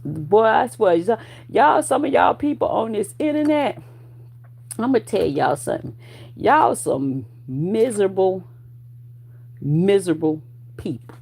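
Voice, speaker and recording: A woman in her forties ranting at her online viewers, profane and confrontational, with loud bursts of laughter. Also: mid-range voice, gravelly, slightly rough. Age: 40s. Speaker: vlogger.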